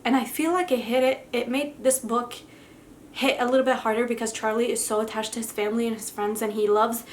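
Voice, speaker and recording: Young adult woman, book vlogger, slightly high voice, effusive and heartfelt, faint ambience behind. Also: fairly even intonation, fairly quick, a little hiss or hum. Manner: effusive and heartfelt, gushing with emotion. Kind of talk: casual book review.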